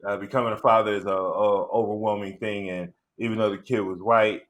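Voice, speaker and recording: A middle-aged man telling a stand-up story, rambling and halting with many fillers and restarts. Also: lowish voice, fairly even intonation, fairly bright tone. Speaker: stand-up comedian.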